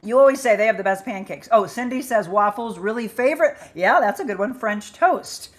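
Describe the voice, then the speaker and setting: A woman's voice: on the high side, lively intonation, fairly quick. A woman hosting a live chat show, upbeat and chatty as she reads out viewers' comments and names. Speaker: livestream host.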